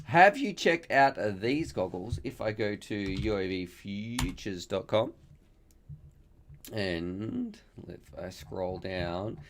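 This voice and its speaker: An Australian man hosting a casual live stream, chatty and upbeat as he thinks aloud. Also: lowish voice.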